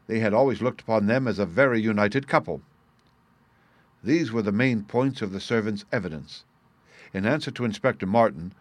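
A man narrating a classic detective story in a steady, even way. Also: on the low side, dry recording. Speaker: audiobook narrator. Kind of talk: scripted narration.

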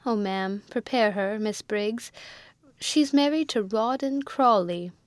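A woman's voice: mid-range voice, slow pace, no echo, close to an everyday voice. A woman voicing a scheming, gossipy middle-aged sister-in-law who speaks in a breathless, falsely solicitous way. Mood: sharp.

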